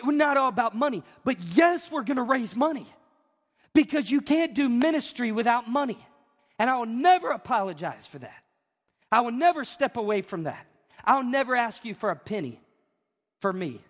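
Pastor guy in his 30s, kinda high voice, preaching all worked up and emotional, big echoey church. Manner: emphatic, emotional preaching with repeated questions and rising shouts. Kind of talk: sermon. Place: church sanctuary. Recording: long reverb of a church hall.

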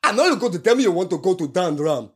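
A man's voice: sits high, very animated, quick pace, a bit bright, slightly rough, pitched above the performer's own voice, full character voice. A man voicing a brusque Nigerian taxi driver who lectures his passengers, in a Nigerian pidgin English accent. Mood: scolding. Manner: stern, lecturing, exasperated.

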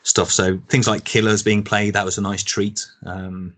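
Brummie guy in his 40s, lowish voice, chatty and rambly, laughs a lot mid-story. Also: little pitch movement, normal speed, a bit bright. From Birmingham, England. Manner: rambling, restarts often, chuckles while telling stories. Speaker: guest. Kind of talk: casual interview chat.

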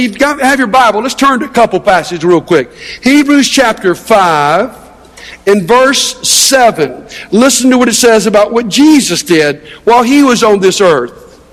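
High-pitched guy preaching a sermon, earnest, lots of restarts, big echoey church. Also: a bit bright. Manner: earnest, emphatic, with frequent restarts and rhetorical questions. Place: church sanctuary. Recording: long hall reverb.

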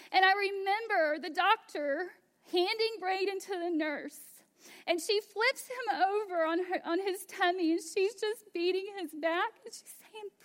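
A woman pastor in her thirties preaching a sermon, slow and emphatic, dropping to hushed asides. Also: very high-pitched.

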